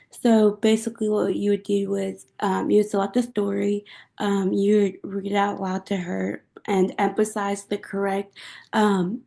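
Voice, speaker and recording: A woman's voice: medium pitch, gravelly, dark tone. A young woman giving a class presentation as a student, explaining casually with occasional fillers.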